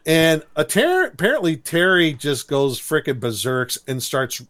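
A man's voice: fairly high pitch, lively intonation, unhurried, a bit bright. A man chatting casually on a podcast, retelling a cartoon episode with laughs and silly quoted voices. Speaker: podcast co-host recapping a cartoon. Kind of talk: casual chat.

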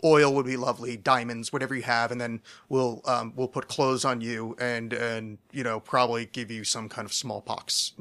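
A man's voice: mid-range voice, flat delivery, moderate pace, hardly any pauses, a bit bright, pitched below the performer's own voice, natural voice. A man voicing a pompous, condescending British colonial man in a put-on British accent, with an exaggerated, mocking delivery.

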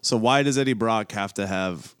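A man's voice: lowish voice, moderate pace, fairly bright tone, clean tone. A man co-hosting a comic book chat show, giving blunt opinions and short reactions in casual talk. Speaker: podcast co-host.

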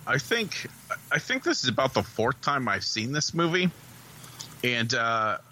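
Bright-voiced, excitable profane man. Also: medium pitch, unhurried, a little hiss or hum, low-quality recording. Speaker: podcast co-host. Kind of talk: casual movie review chat.

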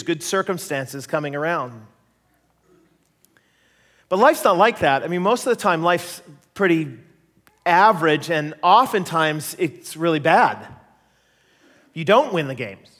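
A middle-aged man preaching, telling personal stories in an animated way, laughing and acting out the voices he quotes. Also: on the high side, a little slow, pauses often. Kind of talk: sermon storytelling. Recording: long hall reverb.

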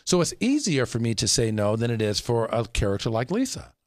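A man's voice: mid-range voice, wildly swooping pitch, fairly quick, dry recording, clean studio sound. A man coaching in casual chat, talking emphatically and laughing often.

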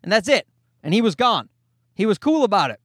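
A man's voice: high-pitched, big pitch swings, brisk, fairly bright tone, no echo, studio quality. A man in his thirties hosting a podcast, ranting in a casual comedic way, exasperated and profane, rambling with restarts. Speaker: podcast host.

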